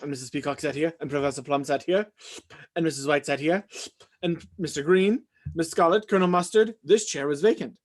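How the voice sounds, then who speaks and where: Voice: medium pitch, a little fast, close to an everyday voice. A reader voicing a frantic male butler in a live script reading, racing through the recap with sudden yelps.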